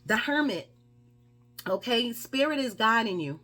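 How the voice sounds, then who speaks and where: A woman's voice: fairly high pitch, big pitch swings, unhurried, a bit bright, faint music behind. Emphatic woman giving a chatty tarot reading. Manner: chatty and emphatic, with lots of rhetorical questions. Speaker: tarot reader.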